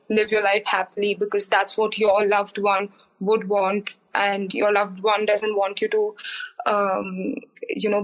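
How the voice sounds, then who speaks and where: A woman's voice: medium pitch, low-quality recording. A young woman, a podcast guest, speaking candidly and earnestly with many fillers. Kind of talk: podcast interview.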